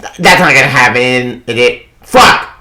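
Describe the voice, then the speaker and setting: A young man giving a casual video review of a comic book, excitable and gushing, stumbling over his words and swearing now and then. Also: medium pitch, moderate pace, low-quality recording.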